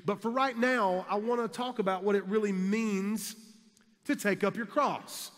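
Preacher, forties, energetic and jokey, high sharp voice, long hall reverb. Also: male voice, a little slow. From South Carolina, US. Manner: energetic, jokey, builds to shouts. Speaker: youth conference speaker. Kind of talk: humorous storytelling sermon. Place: large conference hall. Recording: echoey large hall.

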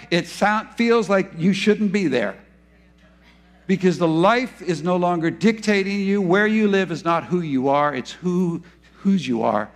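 Male pastor, higher voice, sermon delivery with big swings from quiet to loud. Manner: dramatic retelling with acted quotes, swinging between hushed and loud. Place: church.

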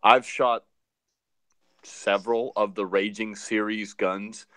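Lowish male voice, blunt and opinionated, dry close mic. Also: flat delivery, slow pace, pushed and bright, dry recording. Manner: blunt, opinionated, repeats words. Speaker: podcast co-host. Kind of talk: casual chat.

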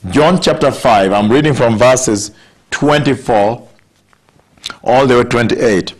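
A man preaching a sermon, stressing scripture words emphatically and slowing down on key phrases. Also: medium pitch.

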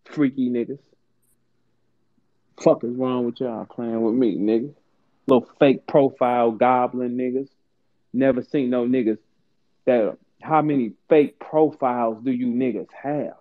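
A man's voice: fairly even intonation, a little slow. Taunting man on a tinny phone line. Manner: profane, taunting and boastful, swings from low mutters to high outbursts. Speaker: host of an online audio room. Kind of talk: heated live audio chat.

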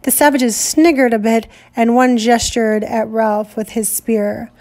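A woman teacher reading a novel aloud in a measured, deliberate way. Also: fairly high pitch, fairly even intonation, darkish tone.

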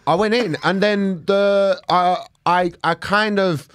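A man's voice: sits high, fairly even intonation, takes it slowly, a bit bright, clear, resonant tone, dry recording, clean studio sound. A man telling anecdotes in a casual podcast chat, swearing freely and mimicking voices. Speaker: podcast co-host.

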